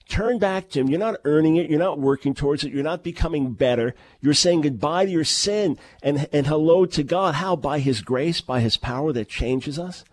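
A man's voice: a little high, a little mellow, no echo. A middle-aged man preaching a sermon, emphatic and full of rhetorical questions, often restarting his words. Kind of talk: sermon-style teaching.

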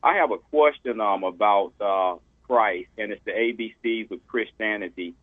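A man calling in to a radio show, asking his question in a hesitant, halting way. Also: lowish voice, no echo. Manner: hesitant, halting, full of fillers. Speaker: caller. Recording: tinny phone line.

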